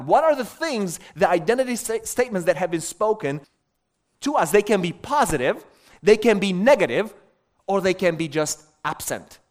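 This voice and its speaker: Animated male preacher, lively pitch. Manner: animated, emphatic storytelling. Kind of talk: sermon.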